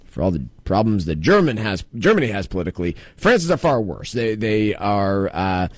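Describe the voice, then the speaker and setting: Low-voiced, joking radio talk host. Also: male voice, big pitch swings, normal speed, dry recording. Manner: loose, joking, thinks aloud with many fillers. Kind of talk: casual financial talk radio chat.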